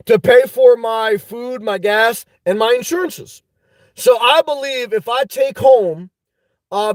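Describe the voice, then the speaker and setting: A middle-aged man from the United States hosting a casual livestream, rambling and joking, breaking into shouts. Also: very high-pitched, dry recording, poor audio. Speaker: livestream host.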